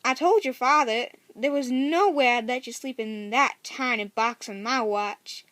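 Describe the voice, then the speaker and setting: A woman's voice: on the high side, a little slow, a bit bright, no room sound. A woman voicing a bubbly, gushing woman with an attempted American Southern accent in a read-aloud story.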